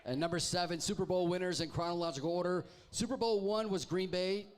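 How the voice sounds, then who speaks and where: A man's voice: high-pitched, fairly quick. A man hosting a live pub trivia night, reading team names with wry, teasing jokes to the crowd. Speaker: trivia host. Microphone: handheld microphone.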